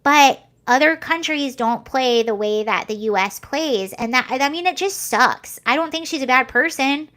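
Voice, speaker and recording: A woman's voice: sits high, normal speed, hardly any pauses, fairly bright tone. A young American woman vlogging casual commentary, chatty and rambling with many fillers and restarts. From United States.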